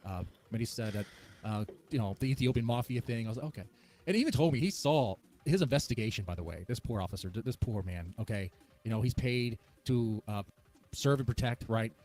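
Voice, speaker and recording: Guy talking fast on a stream, retelling stories, quoting people. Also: mid-range voice, lively intonation, a little mellow. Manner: fast, retells conversations with quoted voices. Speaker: streamer guest. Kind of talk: casual stream chat, storytelling.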